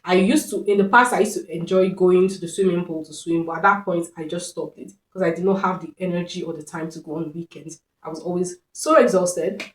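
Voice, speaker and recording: Woman, earnest personal storytelling, reflective, fairly low voice, echoey room. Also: steady tone, brisk, few pauses. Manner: earnest, reflective, repeats phrases for emphasis. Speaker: vlogger. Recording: roomy echo.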